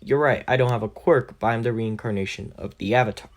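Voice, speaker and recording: A man's voice: medium pitch, fast talker, lightly acted. Man doing a nervous earnest teenage boy.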